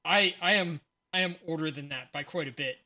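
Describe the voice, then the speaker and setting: Here a forties-aged streamer opens cards on a livestream, sounding sleepy in the morning as he rambles, muses aloud, and cracks jokes about himself. His voice runs on the high side, fairly quick, pushed and bright.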